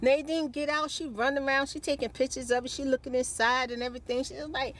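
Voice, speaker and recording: A woman's voice: high-pitched, fairly even intonation, quick pace, hardly any pauses. A middle-aged woman vlogger telling stories to her viewers in a chatty, casual way and calling them y'all. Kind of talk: casual chat to the camera.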